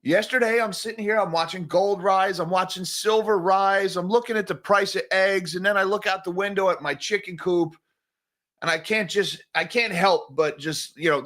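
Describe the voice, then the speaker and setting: A man talks through market news in a loose solo commentary, his fairly high, bright voice full of sarcasm. He rambles and breaks into animated asides. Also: normal speed. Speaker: finance commentator.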